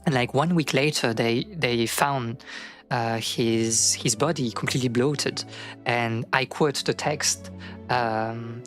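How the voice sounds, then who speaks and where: A streamer retelling a folk tale in a loose, rambling way, full of fillers and restarts. The voice sits at a middling pitch, with faint music behind. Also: fairly even intonation, takes it slowly. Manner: rambling, many fillers and restarts, acts out quotes.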